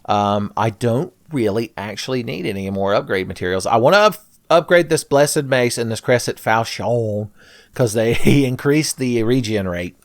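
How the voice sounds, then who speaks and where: A man's voice: mid-range voice, lively intonation, moderate pace, dry recording, studio quality. A man narrating a Let's Play, sarcastic and profane, with frequent jokes aimed at his viewers. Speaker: gameplay commentator.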